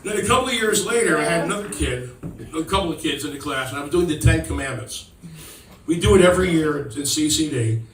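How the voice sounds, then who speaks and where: A man's voice: a little high, lively intonation, fast talker. A middle-aged man doing a rambling stand-up routine, acting out kids' voices in his stories. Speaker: stand-up comedian. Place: comedy club stage with audience. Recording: roomy, distant mic, loud crowd laughter.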